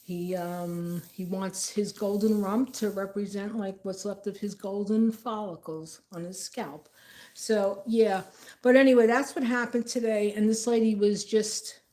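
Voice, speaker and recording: A woman's voice: mid-range voice, steady tone, unhurried, dark tone. A woman telling a story in a rambling, tangential, indignant way. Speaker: vlogger. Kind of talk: casual storytelling.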